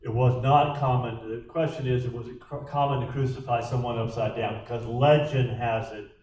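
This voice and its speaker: A man's voice: mid-range voice, steady tone, normal speed, darkish tone, a little hiss or hum. A man leading a Bible study as pastor, repeating each question aloud before he answers it. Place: church meeting room. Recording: roomy echo from a distant mic.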